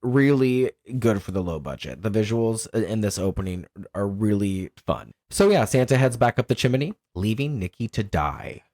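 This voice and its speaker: Animated man recapping a horror film. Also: lowish voice, normal speed, few pauses, no echo, clean studio sound. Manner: animated, laughs often, recaps plot. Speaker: podcast co-host. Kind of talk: casual film review chat.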